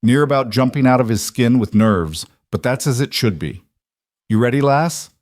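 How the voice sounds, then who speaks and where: A man voicing a gruff older farmhand with a thick accent, speaking in a kindly, fatherly way in a storybook reading. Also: medium pitch, moderate pace, darkish tone, no echo, clean studio sound, close to an everyday voice.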